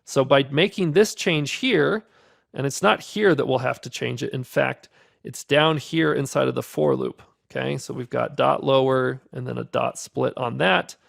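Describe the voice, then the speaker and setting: A man teaching a beginner programming course, talking through his code step by step in a relaxed, upbeat way. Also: medium pitch, moderate pace, gravelly. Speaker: programming instructor. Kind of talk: screen-recorded coding tutorial.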